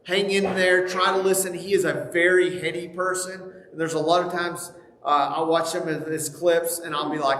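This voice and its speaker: Texan man, folksy Bible class teacher, stop-start delivery, slightly high voice, roomy church sound with faint hiss. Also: fairly even intonation, fairly bright tone. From Texas. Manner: folksy, halting, many fillers and restarts. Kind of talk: casual church class talk. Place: church auditorium. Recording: echoey church room, faint noise.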